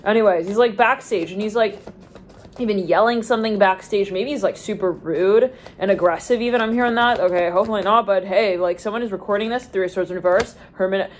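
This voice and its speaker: A woman's voice: medium pitch, fairly quick. Rambling woman reading tarot cards. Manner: rambling, stream-of-consciousness, heavy use of "like"; trails off and restarts mid-thought. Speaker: tarot reader.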